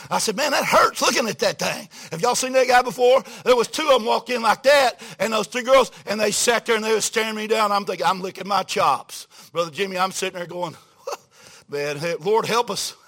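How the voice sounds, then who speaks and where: Here a high-voiced man, bright and ringing in tone, preaches to his congregation a little fast, telling a story as his sermon. He drops his voice low for quotations and rises to loud, emphatic exclamations, all in a folksy, animated way.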